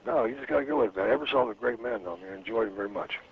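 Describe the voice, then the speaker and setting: A man's voice: mid-range voice, racing. A man telling rambling, profane anecdotes as an interview guest, slipping into quoted voices. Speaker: interview guest, former wrestler. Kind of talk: storytelling in a casual interview. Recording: slightly muffled with faint noise.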